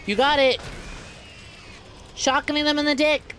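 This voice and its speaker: A young adult woman VTuber streams a game with a high, bright voice, fairly even intonation, and a slightly slow pace, over a little hiss or hum. She chats playfully with viewers, laughing often and calling them "y'all."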